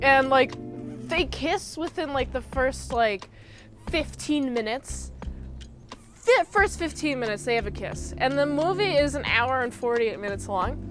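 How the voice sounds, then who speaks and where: High-voiced woman rambling through a movie recap. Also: lively intonation, measured pace. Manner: rambling, joking, uses slang like frickin'. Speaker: movie reviewer. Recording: music playing underneath.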